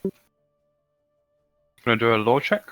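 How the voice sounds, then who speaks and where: A man's voice: mid-range voice, lively intonation, extremely slow, fairly bright tone, soft background music, rough recording. A man playing a tabletop role-playing game who speaks in a hesitant, questioning way. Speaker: player. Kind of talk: casual tabletop game play.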